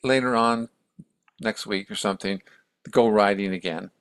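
A man's voice: lowish voice, fairly even intonation, moderate pace, a bit bright, smooth, no room sound. A man casually retelling a story in a conversational way, with many restarts and acted-out quotes.

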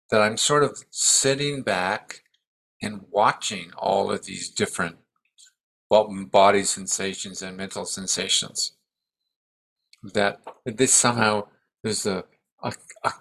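Older man giving a bright, halting talk. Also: medium pitch, creaky. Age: 70s. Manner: thoughtful, halting, restarts often. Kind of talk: reflective dharma talk.

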